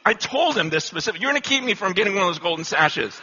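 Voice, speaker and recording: Animated self-deprecating preacher, bright voice. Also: male voice, high voice, rapid-fire, hardly any pauses, breathy edge, muffled recording. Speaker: pastor. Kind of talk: humorous sermon storytelling.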